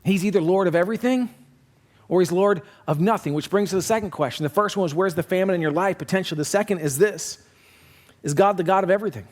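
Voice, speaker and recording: High-voiced animated male pastor preaching. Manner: animated, swings from loud emphasis to low quiet lines; acts out quoted voices, quick conversational delivery. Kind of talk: sermon.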